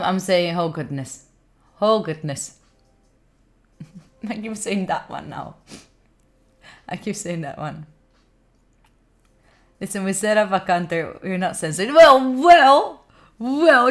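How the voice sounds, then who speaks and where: A woman's voice: medium pitch, lively intonation, measured pace, pauses often. A young Italian woman with an Italian accent, chatting casually and playfully with her viewers on a study live stream. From Italy. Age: young adult. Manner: chatty, playful, mock-indignant, frequent fillers.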